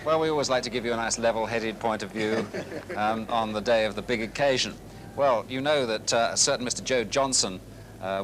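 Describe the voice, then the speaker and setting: A man presenting a sports broadcast in a wry, relaxed way. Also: on the low side. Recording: hissy 1980s TV broadcast.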